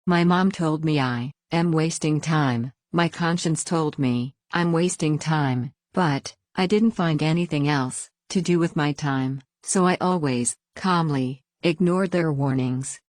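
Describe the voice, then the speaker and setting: Female story reader, very low voice, dry close sound, plain even first-person narration. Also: a little slow, hardly any pauses, dry recording.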